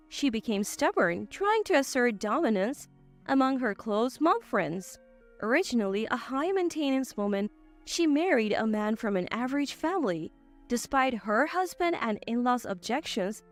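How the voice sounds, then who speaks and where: A woman narrating a family drama story in the first person, in a steady storytelling manner. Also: on the high side.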